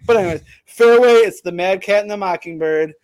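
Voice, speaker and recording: A man's voice: high-pitched, a little fast, darkish tone, clear, resonant tone, no room sound. A man in casual comedic chat, rambling through a made-up story with lots of swearing and hype. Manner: rambling, profane, hyped storytelling.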